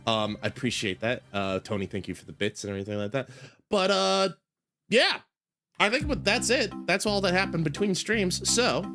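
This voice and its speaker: A man's voice: sits high, sing-song, normal speed, sharp tone, faint music behind. A man chatting casually on a game livestream, rambling and joking at his own expense while greeting viewers. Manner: rambling, jokey and self-deprecating, greets chat. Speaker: game streamer.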